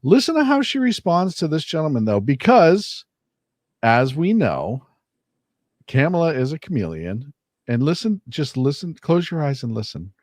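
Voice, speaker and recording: A man speaking on a close studio mic, his voice sitting a little high and swinging widely in pitch as he argues his point. He presses hard and keeps asking rhetorical questions, and the sound is dry with no room around it. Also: very animated, normal speed, a little mellow, dry recording. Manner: emphatic, indignant, rhetorical questions. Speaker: podcast co-host. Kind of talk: opinionated political commentary.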